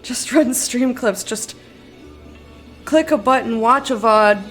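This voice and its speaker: A woman's voice: a little high, takes it slowly, loud music behind the voice. Sleepy, giggly woman streamer. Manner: giggly, rambling, reads chat aloud. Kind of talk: casual live-stream chat.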